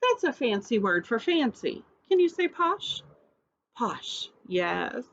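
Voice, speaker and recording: A woman's voice: fairly high pitch, very animated, unhurried, a bit bright, dull audio, a little hiss or hum. A woman preschool teacher reading a picture book aloud and coaxing children to repeat words after her.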